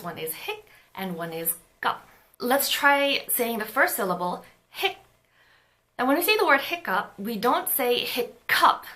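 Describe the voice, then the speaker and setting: A woman teaching a Korean pronunciation lesson, explaining patiently and clearly and sounding out example syllables. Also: fairly high pitch, sharp tone.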